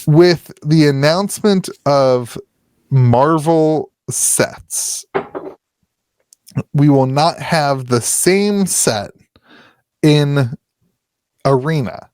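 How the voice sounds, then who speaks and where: A man's voice: fairly high pitch, extremely slow, long pauses, darkish tone, clear, resonant tone, no room sound. A man hosting a podcast in casual chat, rambling with restarts and frequent laughter. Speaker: podcast host.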